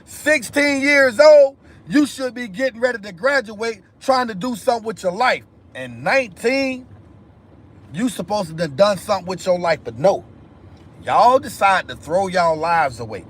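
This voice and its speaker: Emphatic high-voiced man on a livestream. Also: lively intonation, normal speed, a bit bright. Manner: emphatic, repetitive, addresses viewers directly. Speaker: live stream host. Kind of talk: impassioned commentary monologue.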